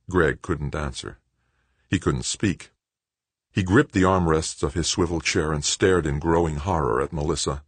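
Measured dramatic male narrator, very low husky voice, dry close studio read. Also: expressive, no room sound. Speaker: audiobook narrator. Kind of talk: scripted narration.

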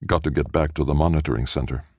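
A man's voice: very deep voice, steady tone, fast, a little mellow, no echo, clean studio sound. A man voicing a friendly young male sensor technician who jokes easily, in an audiobook reading. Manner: easygoing, light, joking.

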